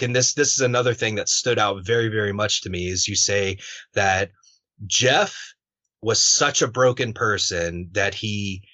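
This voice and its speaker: A man hosting a podcast interview in a relaxed, conversational way, swearing now and then. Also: on the low side, dry recording. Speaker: podcast host. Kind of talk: casual interview chat. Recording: dull muffled podcast audio.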